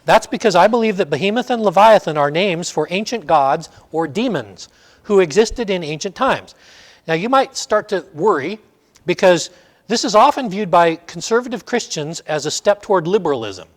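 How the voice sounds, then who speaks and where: A man's voice: high voice, lively intonation, moderate pace. A middle-aged man teaching a Sunday school class, asking the class questions and telling stories. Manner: storytelling, asks the class questions.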